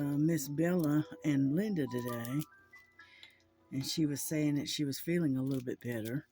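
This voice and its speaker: Recorded on a camera mic at home indoors, a man with a slightly high, dark-toned voice chats casually to his camera. As a vlogger, he meanders, restarting sentences and leaning on fillers.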